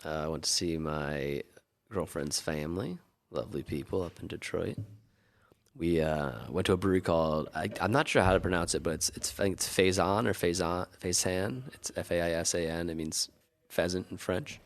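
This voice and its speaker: A man's voice: sits low, fairly even intonation, a little fast. A man co-hosting a podcast in casual chat, telling stories in an easygoing, knowledgeable way. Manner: easygoing storyteller, knowledgeable about brewing. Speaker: podcast co-host.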